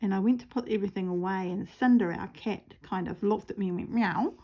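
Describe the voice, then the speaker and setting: A woman's voice: mid-range voice, fast talker, mellow. A woman with a New Zealand accent chatting casually and rambling while she stitches, with self-mocking humour. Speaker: craft vlogger.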